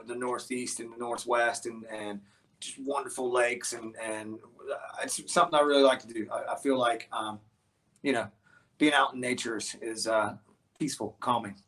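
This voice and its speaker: A man from the United States, a touring rock musician, telling stories as an interview guest, animated and full of restarts and fillers. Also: medium pitch. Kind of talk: casual interview storytelling.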